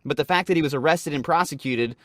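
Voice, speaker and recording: Animated man reading stories, dry sound. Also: a little high, fast, no echo. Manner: animated storyteller, reads news with mock voices and swears. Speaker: podcast co-host. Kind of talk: casual comedic podcast chat.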